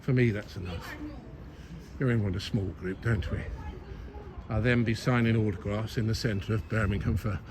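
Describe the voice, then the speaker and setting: A man's voice: fairly low pitch, fairly even intonation, moderate pace, a crowd in the background. A man chatting on a live stream as he walks through a city, laughing at himself often, into a phone-mounted mic. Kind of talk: casual live-stream chat while walking. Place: city streets outdoors, traffic passing. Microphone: phone-mounted mic on a gimbal. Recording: loud outdoor street noise.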